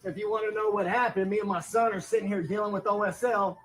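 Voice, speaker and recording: A man's voice: high-pitched, steady tone, quick pace, poor audio. A father in a filmed confrontation, firm and repeating himself as he stands his ground.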